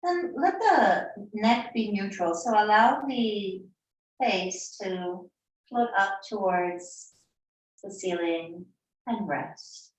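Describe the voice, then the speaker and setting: Slow, soothing woman yoga teacher. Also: mid-range voice. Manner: slow, soothing, unhurried cues. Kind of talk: live yoga class instruction. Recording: echoey room, mic far off.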